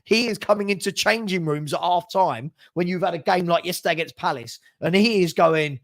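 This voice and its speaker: Man, high voice, passionate fan rant, repeats words, laughs between points. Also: fairly quick, few pauses. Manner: passionate ranting, repeats himself, laughs often. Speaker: fan channel host. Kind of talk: heated football fan chat.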